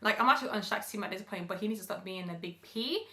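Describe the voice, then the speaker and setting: Co-host chat: young woman, emphatic delivery with a bright, forceful voice, recorded in an echoey room. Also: mid-range voice, expressive, fast. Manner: emphatic, lots of "like" fillers. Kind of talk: casual chat.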